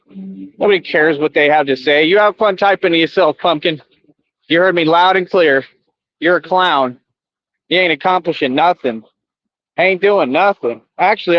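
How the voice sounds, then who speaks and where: A man's voice: fairly high pitch, no echo. A middle-aged man streaming live outdoors, taunting his chat in a confrontational, repetitive rant. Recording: dull lo-fi, dry.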